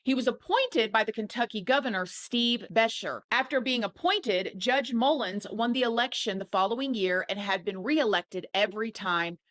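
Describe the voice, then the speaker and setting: A woman's voice: a little high, normal speed, hardly any pauses, a bit bright. Chatty woman narrating true crime. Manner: chatty storytelling with fillers like "like". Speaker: true crime video creator.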